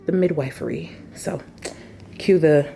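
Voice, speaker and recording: A young woman chatting casually to camera at home as a decor vlogger, upbeat and chatty with relaxed slang. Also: deep voice, a little slow, creaky, slight background noise. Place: at home in her entryway.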